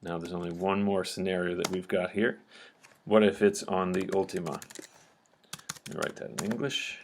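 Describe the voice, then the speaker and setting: A man's voice: sits low, steady tone, moderate pace, a little hiss or hum. A man teaching a lecture-style lesson, explaining patiently step by step and often checking that listeners follow.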